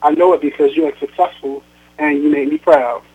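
A man's voice: fairly high pitch, steady tone, a little fast, husky. A man reading the lines of a stern, guilt-tripping aging mother on a phone call, sarcastic and reproachful, over a tinny phone line. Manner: sarcastic, reproachful, then sweet.

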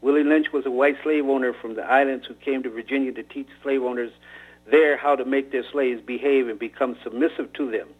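A man's voice: mid-range voice, fairly quick. A man casually retelling and reading a novel aloud on the radio, heard over a tinny phone-like line. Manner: casual, animated storytelling.

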